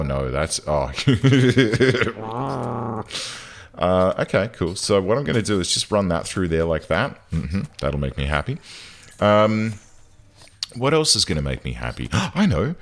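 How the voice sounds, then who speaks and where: Low-voiced man narrating his gameplay. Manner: chatty, swings into loud exasperated outbursts. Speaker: gaming channel host. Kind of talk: casual gameplay commentary.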